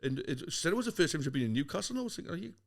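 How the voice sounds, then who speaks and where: A man co-hosting a casual podcast chat, telling animated stories and swearing now and then. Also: a little high, creaky. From North East England. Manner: fast, animated storytelling, swears. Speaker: podcast co-host.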